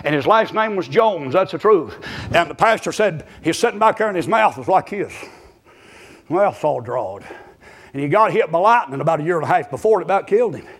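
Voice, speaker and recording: A man preaching a sermon, shouting and chanting with folksy stories, short of breath. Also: on the high side, animated, a little fast, breathy edge.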